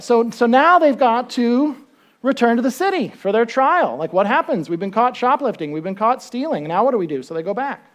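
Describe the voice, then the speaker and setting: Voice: medium pitch, brisk. A pastor giving a sermon in a conversational way, asking the listeners questions and acting out the story as it goes. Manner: animated storytelling, acts out quotes.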